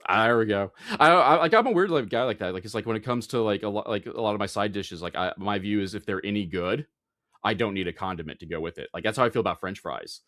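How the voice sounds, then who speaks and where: A man's voice: on the low side, quick pace, fairly bright tone, dry recording, clean studio sound. A man hosting a casual chat, rambling with lots of fillers. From American Midwest. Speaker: host.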